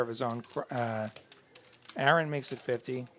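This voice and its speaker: A man narrates each poker hand as it happens in a loose, conversational way. His voice sits at an ordinary middle pitch, and he now and then stops to correct himself. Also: measured pace. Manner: relaxed, chatty, corrects himself on air. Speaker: poker commentator. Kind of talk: live play-by-play commentary.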